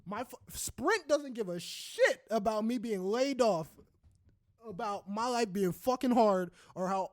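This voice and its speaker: A young man with a high voice talks in a heated, profane rant on a podcast, tripping over restarts as he pushes his point. The sound is dry and close. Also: lively intonation, a little slow, no echo. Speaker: podcast co-host. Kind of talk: casual podcast chat.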